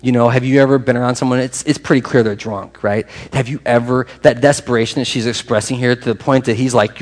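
A man's voice: medium pitch, steady tone, fast talker, few pauses. A man preaching a sermon to his congregation in an emotional, conversational way. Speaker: pastor.

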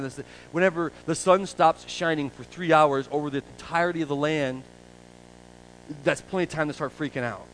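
A male pastor preaching a conversational sermon, dropping to a hush and rising to loud emphasis. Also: fairly high pitch, brisk, a little hiss or hum, poor audio.

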